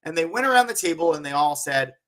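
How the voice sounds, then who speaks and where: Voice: mid-range voice, lively intonation, fast, a bit bright. A company head hosting a weekly stock market show, talking casually and rambling with constant "like" and "um" fillers.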